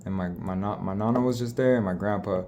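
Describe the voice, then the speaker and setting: Young guy with a lowish voice rambling thru a crash story, swears a lot, faint hiss behind. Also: fast talker, a little mellow. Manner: profane, rambling, restarts often. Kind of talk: casual storytime monologue.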